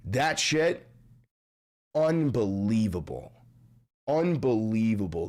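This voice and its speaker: A young man live-streaming in casual, profane chat, his voice deepened after a sickness, rambling and swinging from mumbles to shouting. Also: measured pace. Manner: animated, rambling, swears a lot, swings from mumbling to yelling.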